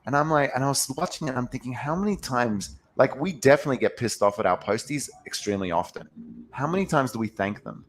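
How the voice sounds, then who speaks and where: A man's voice: medium pitch, expressive, quick pace, slight background noise. A man co-hosting a podcast, telling anecdotes in a chatty way and acting out the voices in them. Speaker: podcast co-host. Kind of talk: casual chat.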